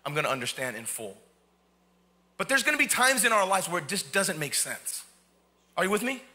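Guy preaching in church, passionate sermon, really bright ringing voice. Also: high voice, sing-song, brisk. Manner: impassioned preaching, rising to cries in acted quotes. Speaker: pastor. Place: church sanctuary.

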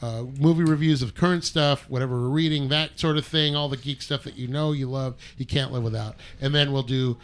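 A man's voice: medium pitch, fairly even intonation, brisk, few pauses, clean tone. A man hosting a casual group chat, joking and rambling and talking over others. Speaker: podcast host.

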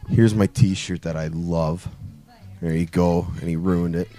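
A man's voice: low voice, fairly even intonation, a little slow, warm tone. A man co-hosting a casual podcast, telling a story bluntly and crudely, acting out what people said. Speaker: podcast co-host.

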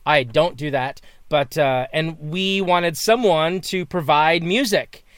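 A man co-hosting a casual chat, rambling with many restarts and dropping deadpan jokes over a video call. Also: on the high side, slow, clear, resonant tone, no room sound. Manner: rambling, self-interrupting, playful deadpan jokes. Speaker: guest co-host.

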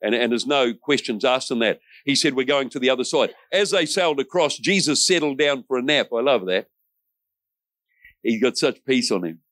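A man's voice: medium pitch, animated, normal speed, a bit bright, dry recording. A middle-aged man, preaching a sermon as a pastor in an earnest, emphatic way with folksy asides.

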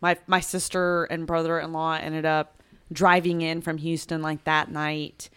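An earnest woman guest explains what happened, pausing and reaching for words. Her voice is unusually low and very smooth. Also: level tone, fairly bright tone. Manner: earnest, explanatory, with hesitations and 'like' fillers. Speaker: guest, officer's wife. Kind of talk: casual conversational recounting.

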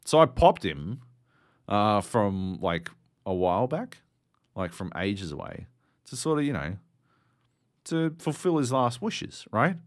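Low-voiced man rambling with heavy swearing. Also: very animated, takes it slowly, pauses often, no room sound, clean studio sound. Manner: rambling, profane, with many fillers. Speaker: podcast co-host. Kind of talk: casual podcast chat.

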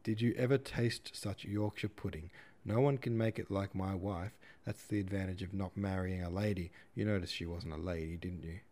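A man's voice: deep voice, steady tone, normal speed, darkish tone, lightly acted. A man doing a grandiose, talkative father. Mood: expansive. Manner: grand, theatrical and opinionated. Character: flamboyant middle-aged man, a proud and talkative father. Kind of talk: audiobook character voice.

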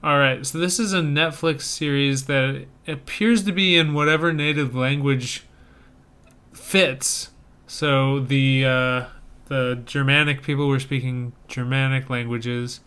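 A man's voice: mid-range voice, steady tone, measured pace, sharp tone, smooth. A young adult man co-hosting a podcast, chatting casually and enthusiastically about trailers and rambling with restarts. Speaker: podcast co-host reviewing trailers. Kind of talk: casual chat.

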